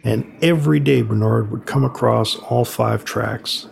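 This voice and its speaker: An older man, a graffiti artist telling stories from his career in a relaxed, conversational way. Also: unhurried, vocal fry. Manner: conversational, acts out quotes with raised pitch. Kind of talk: reflective storytelling. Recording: soft music underneath.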